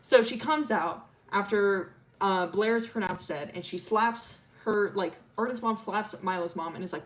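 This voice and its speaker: A woman's voice: medium pitch, normal speed, few pauses. A woman streamer casually telling a long story, rambling with lots of fillers, laughing often and swearing freely.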